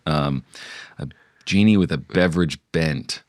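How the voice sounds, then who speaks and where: A man's voice: extremely low pitch, measured pace, no room sound, clean studio sound. A young man co-hosting a storytelling podcast, laid-back, adding ideas and short agreeing replies. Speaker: podcast co-host. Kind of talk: casual brainstorming chat.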